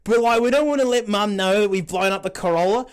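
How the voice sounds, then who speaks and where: A man's voice: high-pitched, fast, smooth, lightly acted. A man doing a rowdy Aussie larrikin yarn-teller. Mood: boastful yarn. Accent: Australian. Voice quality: broad slangy drawl with trailing "hey" tags. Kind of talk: comedic mic-test monologue.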